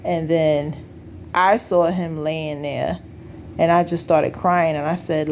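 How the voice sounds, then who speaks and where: Young woman chatting to her viewers, earnest and real, lowish voice, a bit of quiet room noise behind. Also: little pitch movement, slow. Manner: earnest, conversational, addresses viewers directly. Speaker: vlogger. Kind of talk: casual personal talk to camera.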